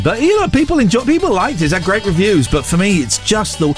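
A man's voice: high voice, fairly quick, hardly any pauses, music in the background. A man hosting a radio show, telling rambling jokey stories in casual chat. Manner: rambling, jokey, animated storytelling.

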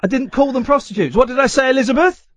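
A man's voice: very high-pitched, quick pace, dry recording. A man hosting a radio phone-in, talking casually, rambling and correcting himself with a playful streak. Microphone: studio microphone.

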